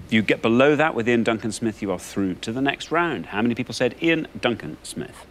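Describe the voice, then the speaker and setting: A male quiz show host with a mid-pitched voice, genial and jokey with his contestants. A faint studio hum sits behind him. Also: expressive, a little fast. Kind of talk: TV quiz hosting.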